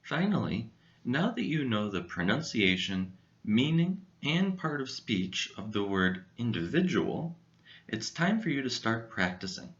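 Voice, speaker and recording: A man presenting a scripted English vocabulary lesson, speaking clearly and deliberately and sounding out each syllable. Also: medium pitch, sing-song, a bit bright, dull audio. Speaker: English teacher.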